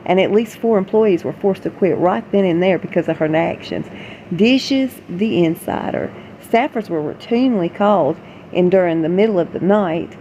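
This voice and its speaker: A woman's voice: fairly low pitch, gravelly, dark tone, lo-fi sound, a little hiss or hum. A woman vlogger reading gossip articles aloud and breaking off into chatty, opinionated, rambling asides.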